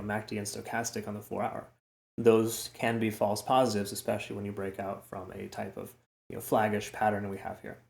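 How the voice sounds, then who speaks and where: A man's voice: lowish voice, creaky, darkish tone. A man hosting a casual crypto chart analysis, chatty and repetitive, often tagging lines with "okay?" and "right?". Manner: chatty, repeats words, frequent "okay?" and "right?" asides. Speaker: crypto trading host. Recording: roomy echo.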